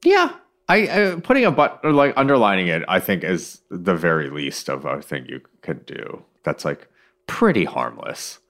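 A man's voice: deep voice, very animated, moderate pace, fairly bright tone. A man co-hosting a podcast in casual chat, loose and profane, often restarting his sentences. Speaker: podcast co-host.

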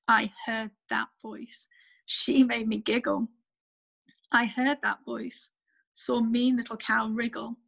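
A woman, the author, reading her rhyming bedtime story in a gentle, measured way. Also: a little high, gravelly, low-quality recording.

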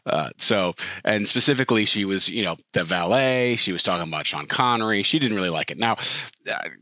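A man co-hosting a film podcast in casual chat, relaxed and agreeable. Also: on the low side, brisk, no echo. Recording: dull, dry sound.

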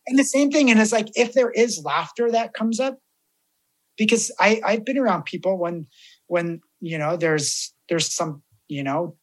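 A man's voice: high-pitched, moderate pace. A man who works as a death doula, chatting as a podcast guest and acting out the voices in his stories. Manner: animated storyteller, acts out quoted voices. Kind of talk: casual podcast chat.

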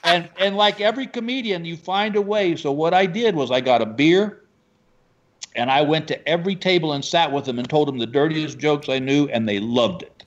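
A man from Texas, a stand-up comedian telling animated stories about his gigs in a casual chat. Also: a little high, normal speed, muffled recording. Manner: animated storyteller, acts out quoted voices.

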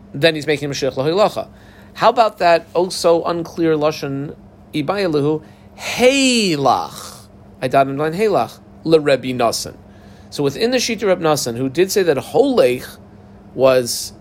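A man's voice: a little high, slight background noise. A man teaching a Talmud passage, methodically reading Aramaic phrases, translating them and telling learners how to mark up the text. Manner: methodical, guides text markings step by step. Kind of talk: text study lesson.

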